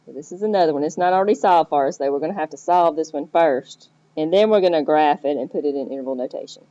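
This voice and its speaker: A woman's voice: low voice, quick pace, dark tone, no room sound. A woman teacher explaining math step by step, checking in with the listener as she goes. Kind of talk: recorded math lesson. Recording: dull lo-fi recording.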